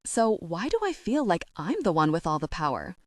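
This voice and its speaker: A woman narrating a first-person romance audiobook in an intimate, measured reading. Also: on the low side, very animated, no echo, studio quality.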